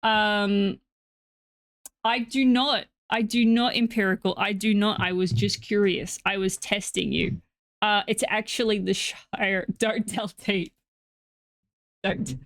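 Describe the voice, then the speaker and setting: A woman's voice: medium pitch, fairly even intonation, slow. A woman streaming a game, chatting playfully with her viewers and often repeating words as she talks. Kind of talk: casual chat with stream viewers.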